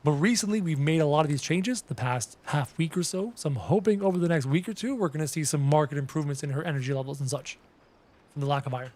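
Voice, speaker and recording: A man streaming a game and chatting casually with viewers, a projecting, energetic talker with faint game music behind. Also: a little high, fast talker. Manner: projects his voice, loud and energetic. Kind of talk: casual live-stream chat.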